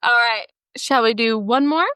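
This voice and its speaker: Bright, high-voiced chatty woman. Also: moderate pace, clear, resonant tone, no echo, clean studio sound. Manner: chatty, quotes people in playful put-on voices. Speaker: podcast co-host. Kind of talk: casual chat, reading posts aloud.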